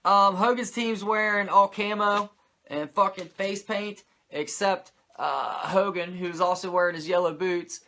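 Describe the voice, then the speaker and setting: A man's voice: high-pitched, fairly even intonation, measured pace, bright, forceful tone. A man hosting a casual wrestling recap, swearing a lot, filling with "like" and ranting in disbelief. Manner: swears a lot, lots of "like" fillers, incredulous rants. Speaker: wrestling recap podcast host.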